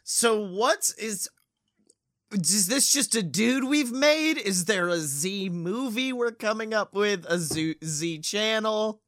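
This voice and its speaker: Man, comedy podcast co-host, high, bright, animated, giggly, dry close sound. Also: slow pace, no echo. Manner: energetic, giggly, talks over his partner. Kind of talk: improvised comedy banter.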